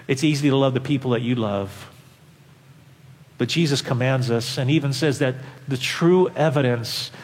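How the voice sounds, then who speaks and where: A man preaching a sermon as a pastor, impassioned, swinging from quiet, low passages to loud, high peaks. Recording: long hall reverb.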